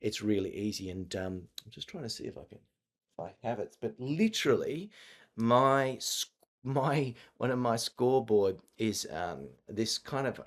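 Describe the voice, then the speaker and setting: A man presenting an online marketing masterclass over a video call, talking conversationally with frequent fillers and restarts. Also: lowish voice.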